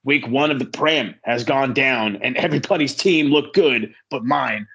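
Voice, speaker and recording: A man hosting a podcast, casually plugging upcoming shows and social accounts with quick asides. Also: mid-range voice, a bit bright, slightly rough, highs cut off. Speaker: podcast host.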